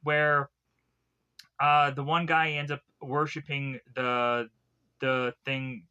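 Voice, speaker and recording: A man's voice: medium pitch, little pitch movement, slow, sharp tone, smooth, highs cut off. A young adult man recapping a movie in a casual, rambling way full of fillers. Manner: rambling, filler-heavy retelling. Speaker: film reviewer.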